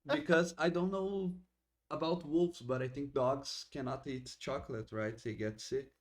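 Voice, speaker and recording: Male game master, slow halting narration, plenty of restarts. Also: medium pitch. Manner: halting, with frequent restarts and laughter.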